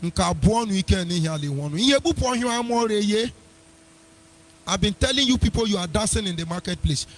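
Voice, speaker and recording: A man's voice: sits high, animated, quick pace. A man hosting a live internet radio talk show, combative and mocking, breaking into sing-song asides. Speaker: radio host.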